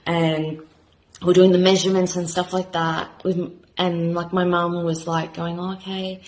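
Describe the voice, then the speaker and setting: A woman in her thirties with an Australian accent, speaking in a rather low voice. She introduces herself to camera as a new beauty vlogger in a rambling, halting way, full of fillers and restarts. She sounds emotional, close to tears. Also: flat delivery, darkish tone, low-quality recording. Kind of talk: casual heartfelt self-introduction to camera.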